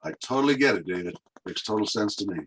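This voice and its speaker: Man, host, husky voice, quick casual talk. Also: fairly low pitch, animated, rough recording. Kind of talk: casual interview chat.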